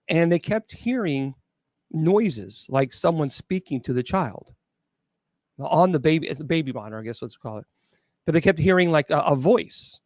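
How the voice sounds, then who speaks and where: A man, a bishop and exorcist, telling a spooky true story at an open mic, halting with restarts and incredulous asides. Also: fairly high pitch, dry recording, studio quality. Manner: halting, with many restarts and fillers.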